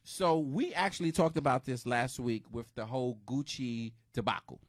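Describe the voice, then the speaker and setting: A man's voice: mid-range voice, moderate pace, dry recording, clean studio sound. A man co-hosting a casual talk show, arguing his points and steering the conversation. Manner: animated, argumentative, steers the talk. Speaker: podcast co-host. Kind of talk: casual banter.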